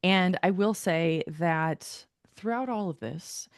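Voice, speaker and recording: Animated lower-pitched woman telling a story. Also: slow, dry recording, studio quality. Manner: animated storytelling, filler-heavy, swears. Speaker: podcast co-host. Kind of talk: casual chat.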